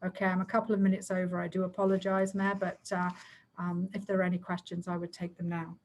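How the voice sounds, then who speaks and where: Woman briskly presenting a plan to council. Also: on the low side, little pitch movement, a little mellow, slight background noise, poor audio. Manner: brisk, explanatory, rushed to fit the time. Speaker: community safety plan coordinator. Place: video call.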